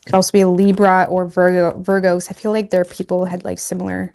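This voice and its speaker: A woman's voice: on the low side, completely flat delivery, a little fast, vocal fry, warm tone. A woman giving a casual tarot reading, chatty and loose, laughing at herself and filling her talk with "like" and "you know". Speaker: tarot reader.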